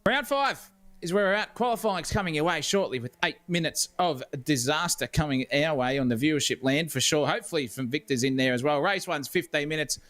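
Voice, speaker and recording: Rambling Australian race co-commentator. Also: male voice, fairly high pitch, brisk, fairly bright tone. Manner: rambling, jokey, chatty. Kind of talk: live esports commentary.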